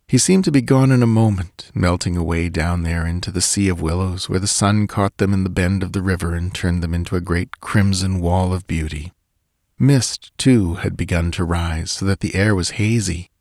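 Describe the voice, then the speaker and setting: A man reading a story aloud, measured and deliberate. His voice is fairly low. The recording is dry and close, with no room echo. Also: steady tone, a little mellow. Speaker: audiobook narrator. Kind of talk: scripted story narration.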